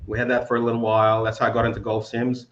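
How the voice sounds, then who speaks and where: A man in his forties, from Moldova, with an Australian accent, talking as a podcast guest in a relaxed, hesitant way with many fillers. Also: medium pitch, very fast, slight background noise. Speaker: podcast guest, business founder. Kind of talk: casual interview chat. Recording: dull lo-fi audio.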